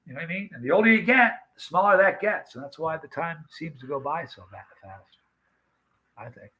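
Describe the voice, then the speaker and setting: A man's voice: a little high, expressive, a little fast, pushed and bright, breathy edge, low-quality recording. A man in his fifties casually chatting on a livestream, greeting viewers by name and telling stories. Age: 50s. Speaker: livestream host.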